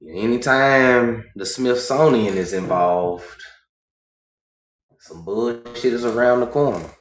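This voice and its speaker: A man with a mid-range voice hosts a livestream where he reads a book aloud at a slow pace. He frequently pauses to explain things his own way and asks "right?", all in a roomy-sounding space.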